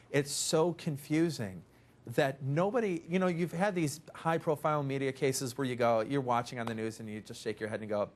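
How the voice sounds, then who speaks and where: A man's voice: mid-range voice, normal speed. A man working as a reporter, talking a case through on a talk show with rambling restarts and quoted asides.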